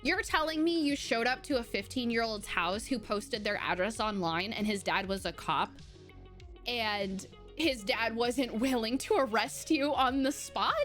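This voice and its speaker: High-voiced animated young woman streamer. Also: unhurried, faint music behind. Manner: animated, profane, rambling with many restarts. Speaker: live streamer. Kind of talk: casual storytelling to stream chat.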